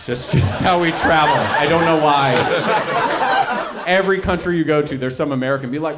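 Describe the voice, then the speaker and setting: A man performing a stand-up set, telling stories with animated delivery on a comedy stage. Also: on the high side, brisk, heavy background noise. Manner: animated storytelling.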